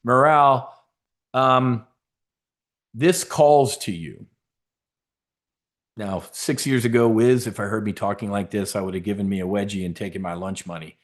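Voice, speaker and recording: Rambling, emphatic man hosting a live webinar. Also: fairly low pitch. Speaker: webinar host. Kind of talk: casual live webinar talk.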